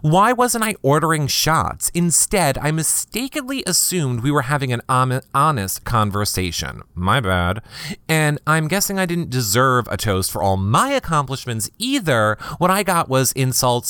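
A man hosting a comedy podcast, reading gossip blogs aloud in a campy, sarcastic way with quick asides to listeners. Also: sing-song, pushed and bright, smooth, dry recording. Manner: campy, sarcastic, swoops into high mock voices.

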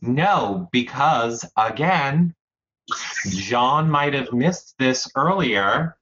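Slow, drawn-out co-host. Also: mid-range voice, animated, pushed and bright, highs cut off, slight background noise. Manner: slow, reads viewer comments aloud. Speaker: podcast co-host. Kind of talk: casual chat.

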